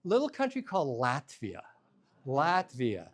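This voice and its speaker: A man tells a personal story to a live audience with animated, humorous energy. His speech is conversational and quick to joke. His voice sits slightly high for a man.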